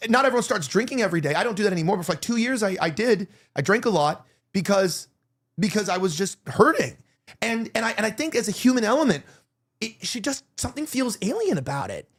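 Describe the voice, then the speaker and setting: A man's voice: high-pitched, sing-song, quick pace. A man hosting a casual opinion show, rambling and emotional, with many restarts and provocative jokes. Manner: provocative joking. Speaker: podcast host.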